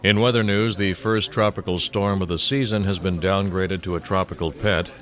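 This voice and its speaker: A low-voiced newsreader in a comedy radio sketch, delivering the bulletin in flat, deadpan announcer style. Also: male voice, normal speed. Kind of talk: deadpan parody news bulletin.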